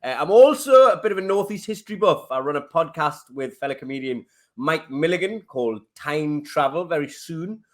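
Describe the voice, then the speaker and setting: A man's voice: a little high, animated, moderate pace. A man with a Geordie accent, a stand-up comedian guesting on a podcast and chatting with self-deprecating humour. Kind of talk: casual podcast chat.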